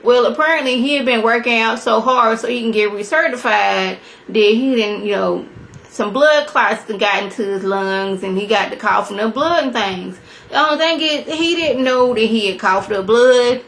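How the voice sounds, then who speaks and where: A woman in her thirties chattily recapping a TV episode to her viewers, acting out quotes in a high voice. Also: moderate pace. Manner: animated storyteller, acts out quotes in a high voice; chatty, talks straight to viewers. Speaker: TV review vlogger.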